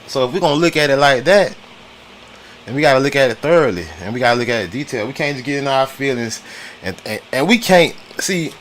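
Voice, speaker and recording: A man's voice: mid-range voice, lively intonation, fast, a bit bright, slight background noise. A man from the United States hosting a casual political talk stream. He uses loose slang, repeats his points and keeps stopping to greet viewers in the chat. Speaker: livestream host.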